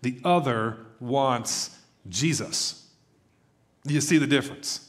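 A man preaching a sermon in a conversational, animated way, acting out quoted voices as he tells stories. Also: medium pitch, slow. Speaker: pastor.

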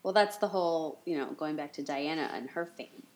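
A woman with a fairly low voice talks in an easy, conversational way as a podcast co-host. She gets animated and rushes some phrases, then slows to make a point. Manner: animated, often speeds up, chatty asides. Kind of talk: casual chat.

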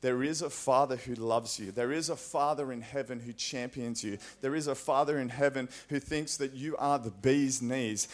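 Earnest Australian man preaching. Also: medium pitch. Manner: conversational, earnest, frequent fillers. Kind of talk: sermon. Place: church.

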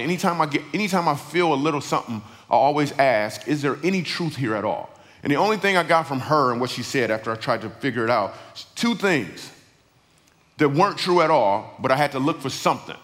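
A man's voice: medium pitch, fairly bright tone. A middle-aged man telling a funny, slangy personal story as a guest speaker. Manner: casual, conversational, slangy storytelling. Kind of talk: storytelling talk with humor. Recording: long reverb of a large hall.

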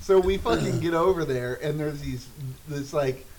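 A man on a podcast tells stories in loose, casual chat, his voice a touch higher than usual. He laughs often and swears freely. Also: normal speed, a crowd in the background, rough recording. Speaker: podcast co-host.

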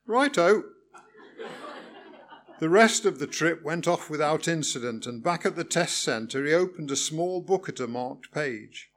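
A man narrating a personal story with wry, good-humoured timing. His voice sits slightly above a typical man's pitch, and he reads at an easy, unhurried storyteller's pace. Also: expressive, fairly bright tone. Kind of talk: first-person story reading.

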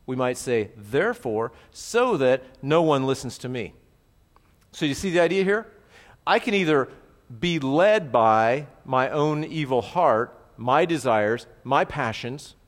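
A middle-aged man preaches a verse-by-verse sermon in a relaxed, conversational way. He keeps turning to his listeners with quick asides and checks that they follow along. His mid-range voice carries a long reverb from a church hall. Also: mid-range voice. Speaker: pastor. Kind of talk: expository sermon.

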